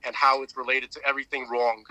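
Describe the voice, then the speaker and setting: A man co-hosting a podcast, retelling a story in a rambling, animated way with many restarts and fillers. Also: medium pitch, fast, dry recording, rough recording. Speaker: podcast co-host. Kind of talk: casual chat.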